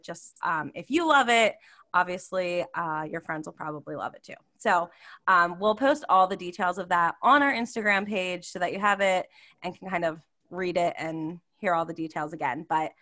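A woman co-hosting a casual podcast chat, telling stories with lots of laughter and acting out quotes. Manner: animated, laughs often, acts out quotes in high voices. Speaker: podcast co-host.

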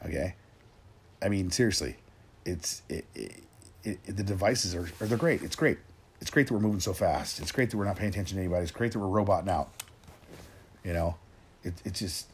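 A man in his forties ranting in a rambling, gruff way, swearing constantly and restarting his sentences as he talks to his listeners. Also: low-pitched. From Tennessee, raised in Oregon. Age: 40s. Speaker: rant host. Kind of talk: profane solo rant.

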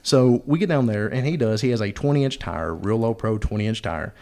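A man's voice: fairly low pitch, expressive, moderate pace, gravelly, mellow. Guy spinning a yarn on his podcast, voice bounces all over, laughs a lot. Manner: rambling, laughs often, plays up the joke. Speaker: podcast host. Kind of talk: casual storytelling.

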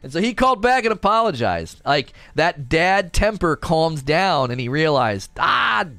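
A man's voice: a little high, normal speed, no echo. A young man casually telling a story about an angry customer, acting out the voices and laughing often. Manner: animated, acts out quoted voices, laughs often. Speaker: storyteller recounting a customer encounter.

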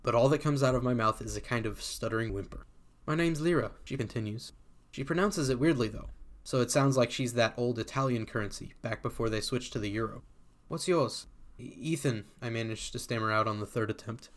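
A man's voice: medium pitch, fairly even intonation, fast. A man reading a first-person story aloud in a casual, sardonic voice that swears freely. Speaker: community reader.

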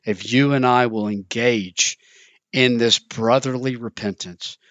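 Bright-voiced earnest male preacher. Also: mid-range voice, steady tone, measured pace, no room sound, dull audio. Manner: earnest, storytelling, repeats words. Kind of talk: sermon.

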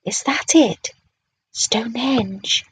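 A woman's voice: a little high, slow, a little hiss or hum. A woman voicing a small, cheerful male creature that rides in a scarf, talking eagerly in a storybook reading. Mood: excited. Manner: eager, excitable.

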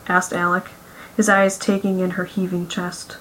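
A woman reads a romance story aloud in a steady, mid-pitched voice. Her storytelling is smooth and even, the sound of scripted audiobook narration. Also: moderate pace, low-quality recording.

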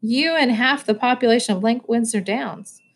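A woman's voice: fairly high pitch, moderate pace, husky. A woman doing a fussing worried mother. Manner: fussing, sighing. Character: caring worried middle-aged mother.

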